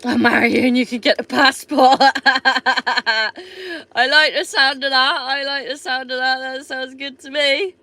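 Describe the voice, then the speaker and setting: A woman's voice: high voice, fairly even intonation, a little slow, bright, forceful tone, no room sound. A woman from England with a Somerset accent, chatting casually and swearing freely on a live stream while she answers viewer comments. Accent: Somerset English. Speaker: livestreamer.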